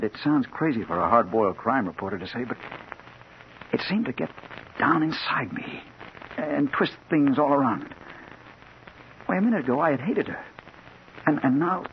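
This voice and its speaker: An actor playing a hard-boiled crime reporter in a 1940s radio drama, narrating in a terse, urgent first-person voice. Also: male voice, medium pitch. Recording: old radio broadcast, dull with faint hiss.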